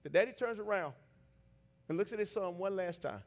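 A man preaching a sermon, telling a dramatic story that builds to shouted climaxes. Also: high voice, animated, fairly quick.

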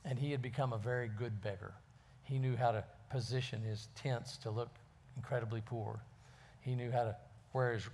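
A man's voice: mid-range voice, gravelly, a little mellow, a little hiss or hum. A man preaching a sermon and telling a story in a folksy way, with fillers.

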